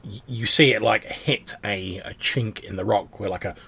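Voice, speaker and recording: Husky, gravelly male game master. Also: fairly low pitch, normal speed, fairly bright tone. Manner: loose, filler-heavy explaining of rules and scenes. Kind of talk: narrating a tabletop game.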